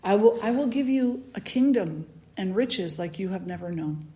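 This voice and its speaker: A woman's voice: medium pitch, lively intonation, moderate pace, warm tone, natural voice. A woman telling of a fretful, anxious king. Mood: worried. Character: anxious impatient king, a grown man.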